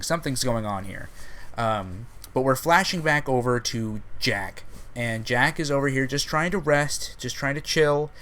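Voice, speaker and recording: A man's voice: medium pitch, fairly bright tone. A young man reviewing a cartoon episode in a casual, rambling recap full of ums and restarts. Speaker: video reviewer.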